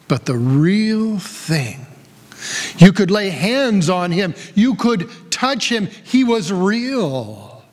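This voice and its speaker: High-voiced pastor preaching in echoing church. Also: male voice. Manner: reads scripture then tells a story, varied emphasis. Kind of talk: sermon. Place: church sanctuary. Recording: long church reverb.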